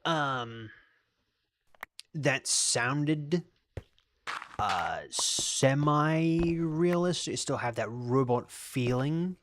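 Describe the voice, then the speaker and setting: Australian male streamer, rambling live gameplay chatter, audible background noise, mid-pitched voice. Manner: rambling, thinking aloud. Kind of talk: casual gameplay commentary.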